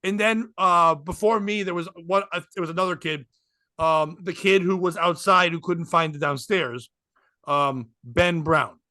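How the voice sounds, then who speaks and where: On the high side and unhurried, his voice comes through with clean studio sound and no room echo. As a guest comedian on a casual podcast, he tells animated stories, laughs a lot and performs other people's lines.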